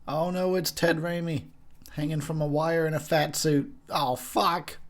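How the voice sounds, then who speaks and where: A man's voice: on the high side, steady tone, measured pace. A tipsy man doing a drunken movie commentary, profane and rambling, cracking himself up. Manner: profane, rambling, laughing a lot. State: tipsy from drinking. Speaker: commentary host.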